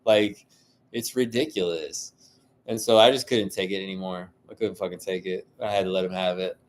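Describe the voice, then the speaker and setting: A man's voice: low voice, steady tone, normal speed. A man hosting a solo podcast, ranting heatedly with heavy swearing and constant fillers. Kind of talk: casual monologue.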